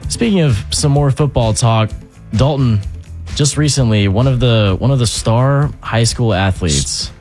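A man's voice: mid-range voice, measured pace, a little mellow, soft background music. A man hosting a sports radio show in casual, upbeat chat, laughing easily with his co-host.

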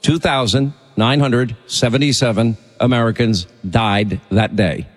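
A male talk radio host speaks with urgency and emphasis, pressing his points at a mid pitch. A long reverb tail hangs on his voice. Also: fairly even intonation, measured pace.

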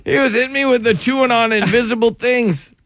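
A man's voice: very high-pitched, fairly even intonation, brisk, a bit bright, no echo. A man hosting a radio show in casual studio banter, teasing his co-hosts and laughing often.

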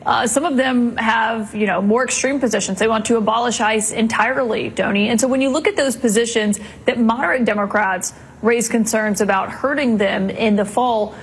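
A woman's voice: on the high side, moderate pace, few pauses, slightly rough, low-quality recording. A woman news anchor putting probing questions to a reporter in a broadcast interview. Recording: played clip from TV broadcast.

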